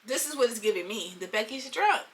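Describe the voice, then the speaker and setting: A young woman telling a storytime vlog in an animated, slangy way, talking straight to her viewers. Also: a little high, fairly quick, slight background noise. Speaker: storytime vlogger.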